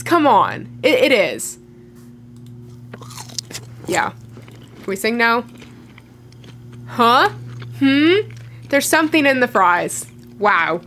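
A woman's voice: mid-range voice, expressive, slow, long pauses, a bit bright, a little hiss or hum. A woman playing a horror game and giving casual commentary, sarcastic and joking as she goes. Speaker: gameplay commentator.

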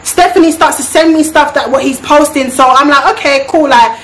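A woman's voice: high voice, fairly even intonation, brisk, fairly bright tone. A woman vlogger telling a storytime monologue in a blunt, repetitive way, swearing freely. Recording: roomy echo.

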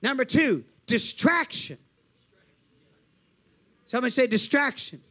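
High, bright-voiced preacher man. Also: big pitch swings, a little slow. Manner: fervent testimony preaching with call-and-response; acts out voices in his story. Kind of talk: sermon.

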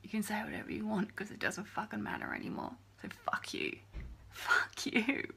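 An actress playing a young YouTuber with depression, who talks in a halting, filler-heavy way and swears often. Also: female voice, medium pitch, fairly even intonation, creaky, sharp tone, in a whisper. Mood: despairing. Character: young woman YouTuber, depressed, bullied by trolls. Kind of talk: confessional vlog monologue in a short film.

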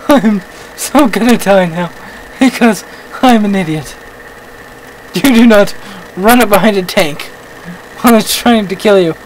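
A man hosting a let's-play, giving excitable commentary, often yelping at the game, with self-mocking rambling asides. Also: high-pitched, a little hiss or hum, poor audio. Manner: excitable, yelps and shouts at the game. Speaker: gaming channel host.

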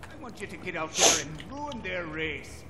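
An actor playing a gruff, vengeful middle-aged clan boss with an Irish accent in a video game. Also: male voice, high-pitched, big pitch swings, normal speed, very noisy. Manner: blustering, vengeful, folksy.

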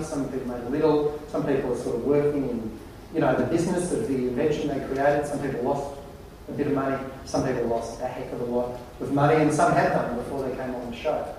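A man giving a humorous keynote at a conference, telling anecdotes in a wry, animated way. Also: mid-range voice, slight background noise. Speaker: conference presenter. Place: large conference hall. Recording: very echoey hall, distant mic.

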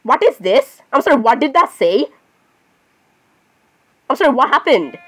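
A woman giving casual, excitable commentary while playing a game, apologizing constantly and talking to herself. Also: high-pitched, normal speed, breathy edge. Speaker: gamer.

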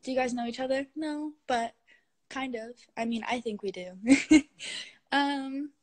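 A young woman with a high-pitched voice speaks at a measured pace while hosting a phone live stream as a social media star. She's gushing and giggly with her fans and sometimes coos at her cat.

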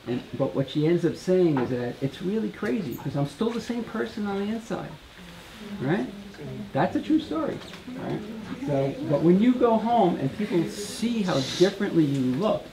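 A man with a slightly high voice speaks informally to a group of campers, telling a story in a relaxed way and restarting a phrase now and then. A faint hiss of background noise sits under the recording. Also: moderate pace, low-quality recording.

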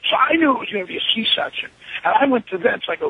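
Raspy, high-voiced man telling a story. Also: quick pace, poor audio. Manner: animated, profane, acts out his own quotes. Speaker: interview guest. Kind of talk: shoot interview storytelling.

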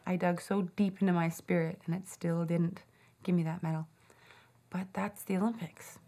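A woman's voice: lowish voice, steady tone, moderate pace, dark tone. A woman in a documentary interview, telling a personal story reflectively with casual fillers.

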